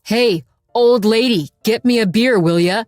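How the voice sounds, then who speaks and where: A woman's voice: mid-range voice, normal speed, dry recording, clean studio sound, soft background music, lightly acted. A woman reading the lines of a blunt, short-tempered middle-aged boyfriend who turns insulting when drunk and sheepish when apologizing. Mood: irritated.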